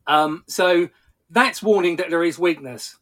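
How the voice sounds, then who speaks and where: On a podcast, a man delivers technical market analysis in a measured way, now and then stumbling and restarting. His voice sits a little high with a fairly bright tone.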